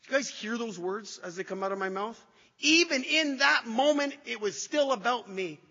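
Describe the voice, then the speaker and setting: A man's voice: very high-pitched, lively intonation, bright, forceful tone. Man telling his story in a hall. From Canada. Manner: emotional, halting, with repeated restarts. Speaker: recovery speaker. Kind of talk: personal testimony talk to an audience. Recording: dull echoey hall recording.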